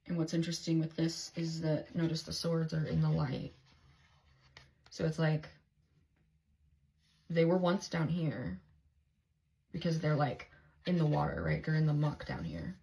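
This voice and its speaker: Woman, low register, candid rambling tarot-reading diarist; salty, self-talking delivery. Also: gravelly, darkish tone. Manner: candid, rambling, swears freely, self-talk. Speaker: tarot reader. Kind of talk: casual tarot reading video diary.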